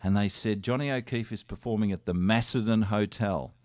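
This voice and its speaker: A man's voice: on the low side, a little fast, no echo, studio quality. Older Australian man telling stories. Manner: animated anecdotes with quoted dialogue. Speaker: radio guest. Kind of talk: casual storytelling.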